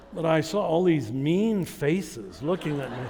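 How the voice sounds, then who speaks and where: A man giving a spiritual conference talk to a live audience. He tells stories at an unhurried pace and chuckles at his own anecdotes. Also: fairly high pitch, in a large hall, background noise. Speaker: conference speaker. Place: large hall with a live audience.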